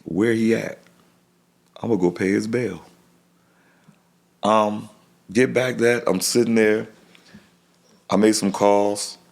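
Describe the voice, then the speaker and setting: A middle-aged man tells a personal story as a podcast guest in a deep voice with a rough, crackly edge. His speech comes in halting bits that often restart, and he voices the people in his story. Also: fairly even intonation.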